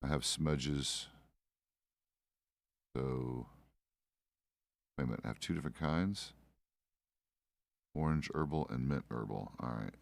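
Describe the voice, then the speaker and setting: A man's voice: very deep voice, slow, vocal fry, long pauses, no echo. A middle-aged man streaming a game, chatting casually in a grumpy, swearing, complaining way. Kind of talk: casual live-stream chat while gaming.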